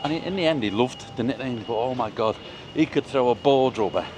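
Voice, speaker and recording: A man in his fifties with a mild Liverpool accent and a deep voice, chatting and telling stories while out walking. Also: animated, brisk. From Liverpool, England. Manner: chatty storyteller, warm anecdotes. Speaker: vlog host. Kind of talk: casual chat while walking. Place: outdoors on a town street. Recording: outdoor street noise.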